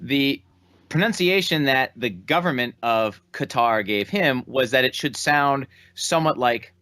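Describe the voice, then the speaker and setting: A man co-hosting a political podcast, with a voice of average pitch. He lays out facts in a measured, explanatory way. The sound is dry, with no room echo. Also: expressive, pushed and bright. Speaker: podcast co-host. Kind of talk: casual political podcast chat.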